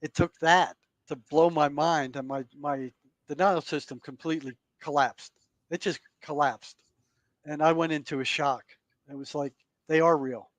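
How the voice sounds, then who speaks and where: A man telling a story as a podcast guest. His voice sits a little high for a man, and he sounds earnest, halting and prone to repeating himself. The recording is dry and close, with no room sound. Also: steady tone, no room sound. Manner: earnest, halting, repeats words while recounting. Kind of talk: storytelling in conversation.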